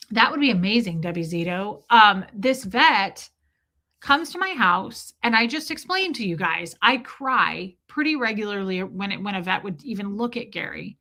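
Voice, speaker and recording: A middle-aged woman from the United States hosting a casual livestream, telling stories animatedly and greeting viewers from chat. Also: medium pitch. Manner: chatty, animated storytelling, reads chat comments aloud. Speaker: livestream host.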